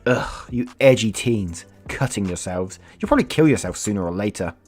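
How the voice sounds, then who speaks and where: A man's voice: lowish voice, expressive, normal speed, a little mellow, faint music behind. A man voicing a rude, pushy, entitled mother with a demanding, dismissive, sneering delivery.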